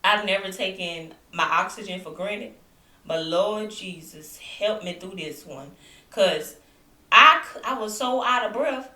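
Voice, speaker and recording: A young woman with a mid-range voice speaks a little slowly, far from the mic, her voice off-mic in an echoey room at home. Indoors, she vlogs about being sick and still shaking off a lingering cough. The chatty, animated retelling to camera includes asides aimed at her viewers.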